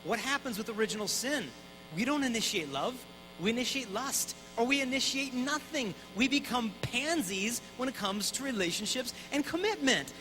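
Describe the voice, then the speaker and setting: A man in his thirties giving an energetic, conversational talk at a conference, acting out voices in his stories. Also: very high-pitched, normal speed, over music, low-quality recording. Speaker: Catholic speaker. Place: conference hall.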